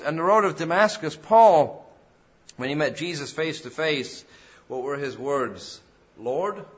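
A man's voice: on the high side, a bit bright, lo-fi sound. A man preaching a sermon, asking rhetorical questions and reading scripture in old-fashioned wording, his voice rising and falling with each point. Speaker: pastor.

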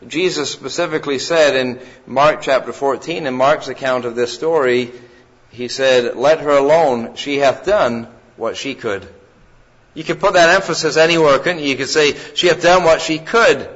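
A middle-aged man preaches a sermon in a loose, conversational manner, often circling back and restarting his phrases. His voice sits a little high for a man. The recording is dull and lo-fi. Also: a bit bright.

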